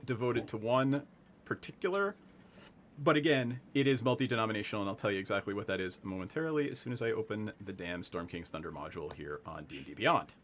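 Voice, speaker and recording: Animated man running a tabletop game. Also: mid-range voice. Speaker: game master. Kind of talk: narrating a tabletop game stream.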